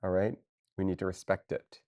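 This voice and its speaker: A woman chatting casually with her viewers on a live stream, excitable and playful, talking straight to chat. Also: extremely low pitch, a little fast. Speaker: livestreamer.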